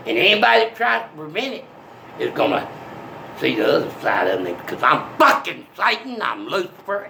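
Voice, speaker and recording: An older man in a rambling monologue that swings from soft to menacing. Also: on the high side, sing-song, a little fast, vocal fry, slight background noise, rough recording.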